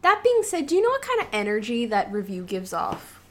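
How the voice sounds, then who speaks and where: A woman co-hosting a casual chat with a high voice that leaps up and down as she reacts. She talks with animated, expressive energy, riffing on what her co-host reads. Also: brisk. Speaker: podcast co-host.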